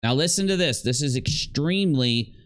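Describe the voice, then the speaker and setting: A man running a commentary channel breaks down drama clips with emphasis, repeating his points and mimicking the woman in quotes. His voice is fairly high, with lively intonation at normal speed.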